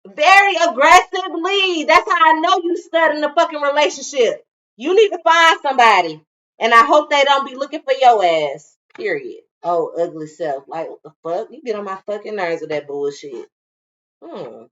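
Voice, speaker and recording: A high, bright woman talks blunt and profane, her pitch leaping all over as she rants. She sounds a little far from the mic, with a dull, muffled recording. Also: lively intonation, normal speed. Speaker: co-host of a reality TV review show. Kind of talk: casual chat.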